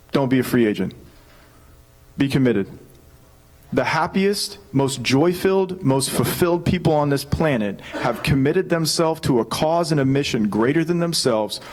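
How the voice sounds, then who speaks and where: A man, preaching a sermon in a casual, animated storytelling way and acting out what people said. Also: medium pitch, low-quality recording. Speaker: pastor.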